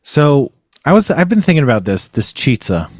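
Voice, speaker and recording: A man's voice: mid-range voice, sing-song, normal speed, darkish tone, no room sound. A man hosting a comedy podcast, rambling and goofy, breaking into shocked yelps, on a close microphone. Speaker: podcast host.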